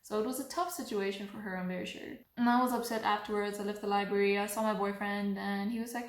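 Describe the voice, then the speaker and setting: A young woman telling a storytime vlog in an animated way, acting out what people said. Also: mid-range voice, racing, few pauses. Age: young adult. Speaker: vlogger. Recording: echoey room.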